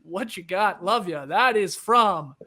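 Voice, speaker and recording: A man co-hosting a podcast, needling his friends with dry jokes. His voice is very high for a man. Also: lively intonation, slow, sharp tone. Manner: teasing and joking. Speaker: podcast co-host. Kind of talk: casual chat.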